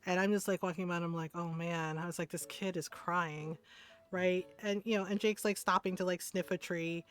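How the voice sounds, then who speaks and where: A woman's voice: on the low side, steady tone, quick pace. A woman streamer chatting casually while gaming, rambling through a story with many fillers and restarts. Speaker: game streamer.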